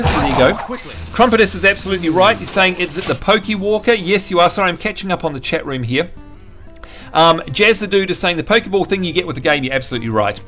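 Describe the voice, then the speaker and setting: Casting: New Zealand man, streamer host, slightly higher voice, faint game music behind. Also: fairly bright tone. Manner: chatty, reads chat aloud, jokey outbursts. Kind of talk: live-stream chat reading.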